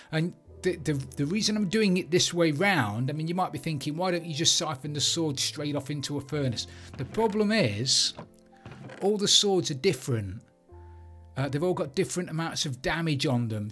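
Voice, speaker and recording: A man's voice: a little high, fairly bright tone. A man giving casual gameplay commentary, chatting and thinking aloud as he builds. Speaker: Minecraft let's play creator.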